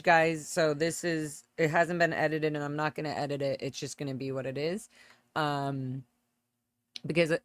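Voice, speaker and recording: A woman's voice: low voice, no room sound. Chatty woman livestreaming to her viewers. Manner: chatty, greets viewers by name, checks in with the chat often. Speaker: livestream host. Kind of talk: casual livestream chat with viewers. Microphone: close desk microphone.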